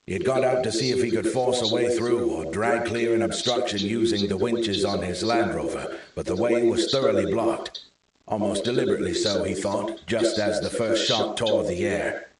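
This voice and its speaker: A man narrating a thriller audiobook in a steady, measured reading. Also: on the low side, distant mic, a crowd in the background. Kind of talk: scripted narration. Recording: very echoey room.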